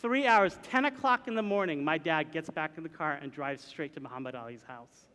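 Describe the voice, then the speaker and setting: A man telling a personal story to a live audience, animated and acting out the voices and sounds in it. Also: on the high side, a little fast. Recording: long hall reverb.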